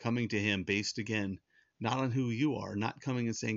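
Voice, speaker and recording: A man's voice: on the low side, fairly even intonation, a little fast, dry recording, muffled recording. A man preaching a sermon in an earnest, conversational way, often restarting his sentences. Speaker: pastor.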